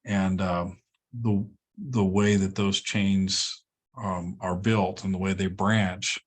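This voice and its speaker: Guy teaching a class, low voice, lots of ums and okays. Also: slow. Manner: relaxed, repeats words, many ums and okays. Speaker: college instructor. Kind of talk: classroom lecture.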